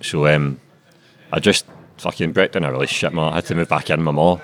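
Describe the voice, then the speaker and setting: Glaswegian guy, 20s, very deep voice, fast, sweary, relaxed interviewee. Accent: Glaswegian Scottish. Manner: sweary, laid-back, constant "aye, man" and "mate". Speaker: author being interviewed. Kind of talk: casual chat.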